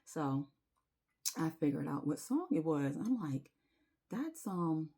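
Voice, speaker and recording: A woman's voice: low voice, very animated, slow pace, long pauses, warm tone, husky. A woman, telling her viewers a personal story in a confiding, emotional way and singing bits of a chorus. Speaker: spiritual vlogger.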